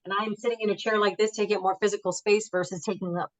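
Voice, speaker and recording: A woman's voice: mid-range voice, fast talker, low-quality recording. A woman negotiation expert giving emphatic advice in a conversational interview over a video call, acting out what her clients say. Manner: energetic, emphatic, acts out client quotes. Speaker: negotiation expert and author, guest.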